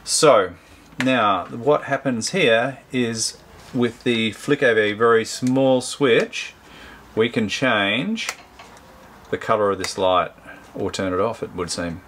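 A man's voice: medium pitch, slow, a bit bright, a little hiss or hum. Chatty man reviewing a toy car. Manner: chatty, rambling, self-correcting. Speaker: host. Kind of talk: casual product review.

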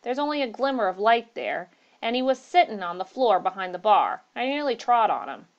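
A woman's voice: fairly high pitch, very animated, fairly quick, highs cut off. A woman voicing a nervous young male inn waiter, talking in a flustered, sheepish way in a read-aloud story.

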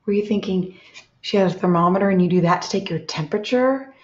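A woman teaching a reading lesson to young children, reading aloud slowly and gently and stopping to ask them questions. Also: mid-range voice. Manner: slow, gentle, asks children questions and pauses. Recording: echoey, dull lo-fi room sound.

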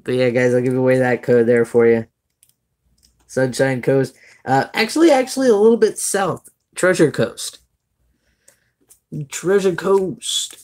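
A man's voice: medium pitch, moderate pace, darkish tone. A young man from Florida with a Floridian Southern accent, chatting casually on a live stream as he opens card packs and greets viewers by name.

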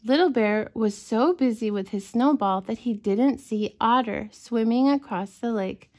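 A woman reading a bedtime story aloud to children, gentle and expressive. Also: on the high side, a little slow.

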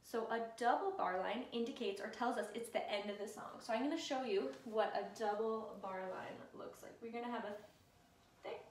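A woman's voice: fairly high pitch, moderate pace, far from the mic. A woman music teacher giving an encouraging lesson to children in a classroom, counting and chanting along with them. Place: classroom with whiteboard. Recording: echoey room, voice from afar.

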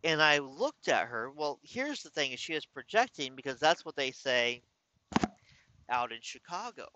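A man from California telling a personal story in a slow, reflective, casual way, pausing and restarting as he goes. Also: mid-range voice, big pitch swings, sharp tone, dry recording, lo-fi sound. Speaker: vlogger.

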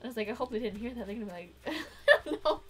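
A woman's voice: a little high, animated, fast, a crowd in the background. A young woman co-hosting a gaming livestream, chatty and often laughing. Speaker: streamer. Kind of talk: casual gaming livestream chat. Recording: music playing faintly behind.

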